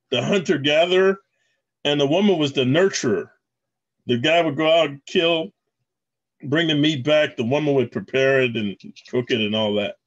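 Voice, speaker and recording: A channel host with a slightly high, slightly bright voice rambles casually to his viewers, calling them "guys" while commenting on video clips he plays. The highs in the recording are cut off.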